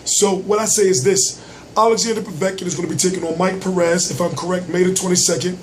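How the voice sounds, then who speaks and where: A man with a high-pitched voice that is nearly gone, forcing it out hard so he can be heard as he runs his boxing vlog. He speaks loosely and slangily and keeps circling back over his points, over a faint background hiss. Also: fairly even intonation, fast, poor audio. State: lost voice, straining to project. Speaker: boxing news vlogger. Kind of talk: casual commentary vlog.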